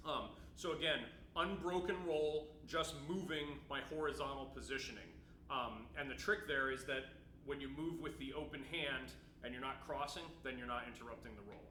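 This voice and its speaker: A mid-range male voice, moderately paced and sharp in tone, leads a timpani lesson, playing while he patiently walks students through technique. "Right?" comes up often as he checks in. The room echoes and there's faint background noise.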